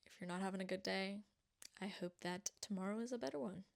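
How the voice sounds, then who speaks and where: A young woman rambling excitably in a casual vlog, pleading and getting winded and lightheaded. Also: mid-range voice, quick pace, vocal fry. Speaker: vlogger. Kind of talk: casual monthly wrap-up vlog.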